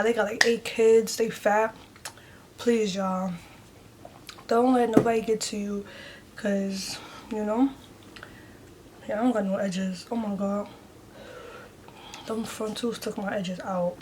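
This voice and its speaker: Telling her own story in a casual vlog, a woman speaks directly to her viewers in a chatty, open, earnest way, using "like" and "y'all" almost constantly and getting emotional. Her pitch is an ordinary middle height for a woman, and a faint background hiss runs under her talk.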